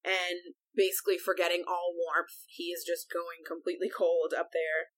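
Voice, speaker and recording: A woman's voice: lowish voice, sharp tone, rough recording. A woman co-hosting a podcast, casually retelling a book chapter at length and peppering it with "like". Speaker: podcast co-host.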